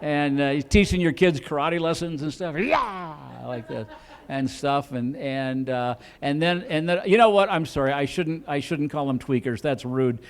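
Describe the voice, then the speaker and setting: A man's voice: a little high, moderate pace, clean tone. A man doing stand-up comedy on a club stage, rambling through his stories with repeated "and, and" restarts. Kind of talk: stand-up storytelling.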